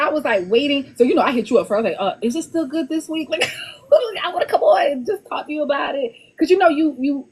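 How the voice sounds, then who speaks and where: A woman author talking casually on a podcast, animated and laughing often, repeating words as she gets going. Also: a little high, husky. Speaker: author guest.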